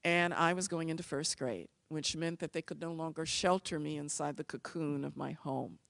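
A woman from the United States telling personal stories in an expressive, animated manner. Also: sits low, normal speed, vocal fry, dry recording. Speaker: speaker. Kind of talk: personal storytelling talk.

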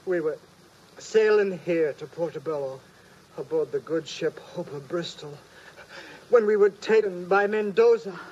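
A man's voice: high voice, a little slow, a little mellow, highs cut off, slight background noise. An actor playing a shaken male sailor, survivor of a raid, telling his story urgently, on an old film soundtrack.

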